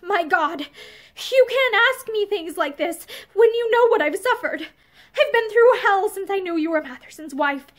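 A woman's voice: extremely high pitch, lively intonation, moderate pace, fairly bright tone, voice pushed up. A woman reading the part of a lovesick man who pleads passionately with the married woman he loves. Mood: passionate pleading. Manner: impassioned, pleading.

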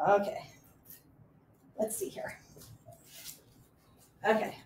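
A woman speaks very slowly in a darkish tone, with a little hiss or hum on the recording and an echoey room. Owner of a small garage boutique, she eagerly presents clothes during a live online showcase.

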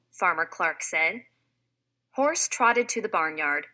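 Teacher lady reading a kids story, slow and lively. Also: lowish voice. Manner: clear, expressive read-aloud for children. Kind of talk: reading a children's storybook aloud.

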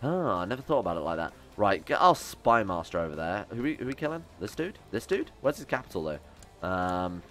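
A man's voice: lowish voice, sing-song, a little fast, a bit bright, faint music behind. A young man giving casual, chatty gameplay commentary, sarcastic and swearing as he talks back to the game's characters. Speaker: gaming YouTuber.

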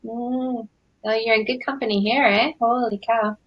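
A Canadian woman in her forties, a dating coach hosting a live webinar in an energetic, chatty way with lots of fillers. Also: a little high, normal speed, lo-fi sound. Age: 40s.

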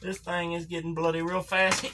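A woman's voice: lowish voice, level tone, a little fast, a bit bright, slight background noise, natural voice. A woman voicing a folksy Southern older male wrestling commentator, calling a toy figure match with a thick put-on drawl and country grammar. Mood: excited ringside. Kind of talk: comedic ringside commentary.

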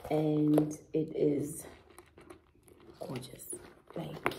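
A woman's voice: on the low side, slow, noisy background. A South African woman vlogger chatting through a clothing try-on haul, dramatic and gushing, often laughing. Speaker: fashion vlogger. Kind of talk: casual try-on haul chat.

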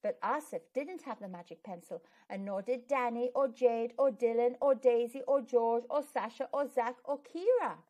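A woman hosting a storytime channel, reading a children's book aloud with expressive storytelling narration. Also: on the high side, moderate pace, hardly any pauses.

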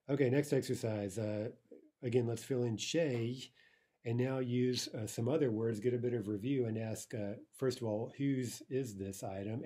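A man's voice: mid-range voice, dark tone. A man teaching a recorded language lesson, patiently explaining and drilling phrases, checking in with "right?".

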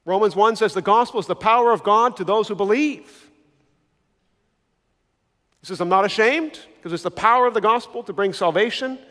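A man's voice: high-pitched, moderate pace, long pauses, fairly bright tone, long reverb tail. A male pastor preaching an emphatic sermon, repeating key words and putting questions to the congregation.

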